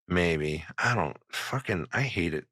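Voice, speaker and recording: A man's voice: low-pitched, expressive, a little slow, bright, forceful tone, no echo, studio quality. A man co-hosting a podcast in casual chat, blunt and swearing freely. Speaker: podcast co-host.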